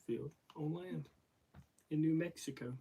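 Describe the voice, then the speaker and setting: A man's voice: a little high, measured pace, a loud crowd. Guy answering in short laconic bits, casual chat. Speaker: partner dropping into the stream. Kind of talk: casual conversation.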